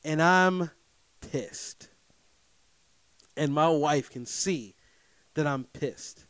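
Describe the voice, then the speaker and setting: A man spins a personal story straight to his audience in a slightly high voice, animated and emphatic. He keeps checking in with his listeners and swings from loud bursts to low, muttered asides. The sound is close and dry, with no room around it. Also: takes it slowly, clean tone, no echo. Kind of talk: casual storytelling monologue.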